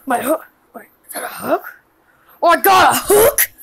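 A woman voicing a hyper, excitable young cartoon girl who squeals and gushes like an overjoyed fan. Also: sits high, normal speed, gravelly, very noisy, full character voice. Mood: shocked. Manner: squealing, shrieking, gushing fan.

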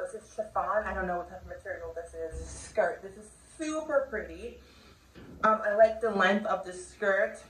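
A woman's voice: medium pitch, a little hiss or hum. A young woman chatting casually through a clothing try-on haul at home, bubbly and full of filler words. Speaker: fashion vlogger. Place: home room. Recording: echoey room audio, distant mic.

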